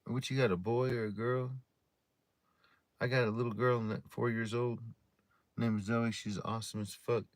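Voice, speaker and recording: A man's voice: medium pitch, little pitch movement, moderate pace, long pauses, no room sound. A man casually telling stories to his livestream audience in a rambling, heavily profane way while drinking a beer. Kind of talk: casual storytelling chat to a live audience.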